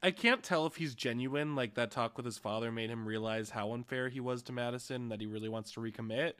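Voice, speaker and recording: A man co-hosting a podcast in casual chat, making crude, wry jokes in a deadpan way and offering mock apologies. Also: medium pitch, a little fast, clear, resonant tone, no room sound. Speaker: podcast co-host.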